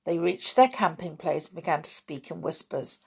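A woman narrating a children's storybook in a soft, measured way. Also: sits low, creaky, slightly rough. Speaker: audiobook narrator.

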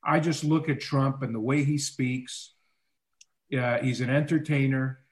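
A man from Canada, a guest on a political talk show, speaking in a measured way and asking follow-up questions. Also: mid-range voice, fairly even intonation.

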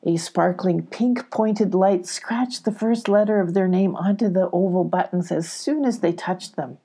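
An older woman narrating a children's storybook in a gentle, expressive way. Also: fairly low pitch, a little slow, husky.

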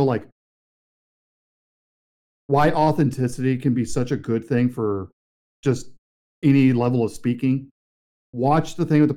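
A young man co-hosting a casual podcast chat, telling a story excitedly and acting out quotes. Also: medium pitch. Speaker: podcast co-host.

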